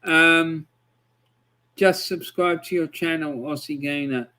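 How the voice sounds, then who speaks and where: A man's voice: on the high side, steady tone, slow, bright, forceful tone, clean tone. A man hosting a live stream, chatting casually with viewers and rambling with frequent ums as he reads out their messages.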